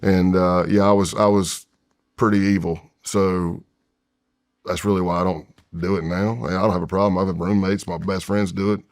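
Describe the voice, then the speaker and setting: A retired federal agent from the United States, in his fifties, guests on a long-form podcast interview. His voice is low with little pitch movement at normal speed, and he tells a long personal story candidly, rambling and often restarting.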